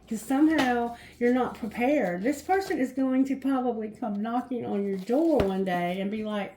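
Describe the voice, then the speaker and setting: Woman, tarot reader, chatty card reading, giggly, effusive, highish voice, echoey room. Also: moderate pace, hardly any pauses, warm tone, slight background noise. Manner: giggly and effusive, laughs often.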